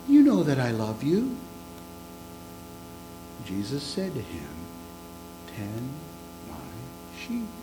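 A man preaching a sermon, retelling a scripture story with acted-out lines and sudden hushed whispers. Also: mid-range voice, wildly swooping pitch, very slow, pauses often, over music. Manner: dramatic storytelling, acting out scenes, dropping to whispers for emphasis. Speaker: pastor.

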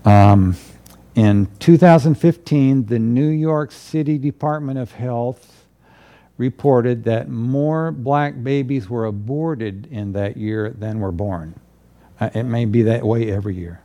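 A man, a pastor preaching a sermon from the pulpit in an earnest, measured way with emphatic declarations. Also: mid-range voice, dark tone. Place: church pulpit.

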